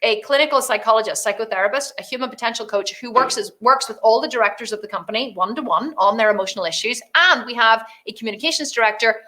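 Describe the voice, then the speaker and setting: A middle-aged woman coaching on online business, blunt and animated, swearing freely and acting out conversations. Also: fairly high pitch, fast talker, hardly any pauses. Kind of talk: energetic business training talk.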